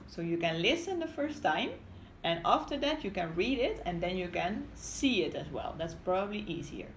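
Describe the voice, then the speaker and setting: A woman teacher giving a phonics lesson to young children, asking patient, coaxing questions and reading a story aloud. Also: medium pitch. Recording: roomy home recording with faint hiss.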